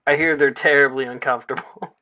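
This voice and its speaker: A man narrating as game master of a tabletop game, unhurried and drawn out, with frequent fillers. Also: medium pitch, fairly even intonation, pushed and bright.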